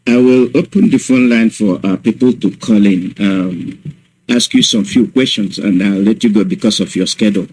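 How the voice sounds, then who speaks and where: A man's voice: lowish voice, moderate pace, darkish tone, husky, low-quality recording. A man hosting a radio call-in show, asking probing questions with hesitant restarts.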